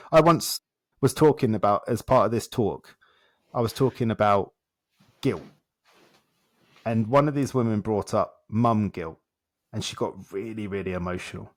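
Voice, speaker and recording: A man, a coach and guest in an interview, telling stories animatedly and acting out dialogue in short repeated phrases. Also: on the low side. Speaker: self-development coach, guest. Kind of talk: conversational storytelling in a podcast interview.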